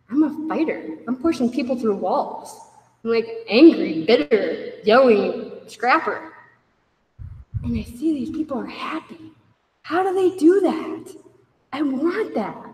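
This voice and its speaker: A woman telling her personal recovery story to a meeting, candid and animated, acting out dialogue with a raised voice. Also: on the high side. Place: meeting room. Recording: echoey hall from far off.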